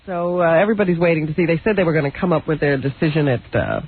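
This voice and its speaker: A man's voice: a little high, expressive, rapid-fire, a little hiss or hum. A man co-hosting a radio show and reading the news, teasing and skeptical. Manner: teasing and skeptical, often laughing along. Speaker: radio co-host and news reader. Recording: tinny lo-fi radio with faint music.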